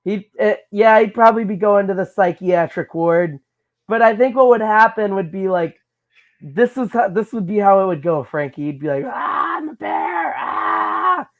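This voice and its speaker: High-voiced rambling man, improvising. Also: moderate pace, dull audio. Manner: rambling, stammering, acts out silly characters. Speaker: podcast co-host. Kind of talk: improvised comedy chat.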